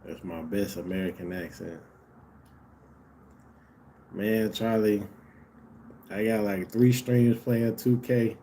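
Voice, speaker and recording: A man's voice: on the low side, steady tone, slow, long pauses, dark tone, a little hiss or hum. A man casually commenting on a live basketball game for his stream viewers, laid-back and slangy, talking straight to them.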